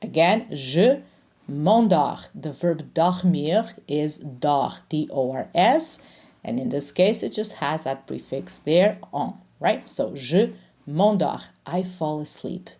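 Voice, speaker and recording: A woman teaching French grammar in English, explaining patiently and slowing down to pronounce each French example. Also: deep voice, expressive, dark tone. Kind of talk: grammar lesson.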